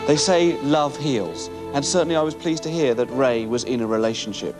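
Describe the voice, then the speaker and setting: A man's voice: medium pitch, brisk, over loud music. A male comedian narrating a sketch in a mock-serious documentary tone.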